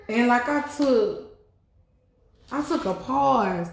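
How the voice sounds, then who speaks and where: A woman telling her life story in a casual storytime vlog, chatty and animated, swearing and leaning on fillers like "you know what I'm saying". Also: a little high, takes it slowly, gravelly, long pauses. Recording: echoey room.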